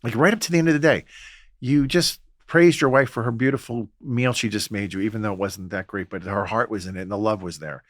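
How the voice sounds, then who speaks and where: A man, a Catholic priest, telling stories in a relaxed podcast conversation and acting out the voices he quotes. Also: on the low side, a little fast, no room sound, clean studio sound. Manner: storytelling, acts out quoted voices. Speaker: Catholic priest and exorcist guest.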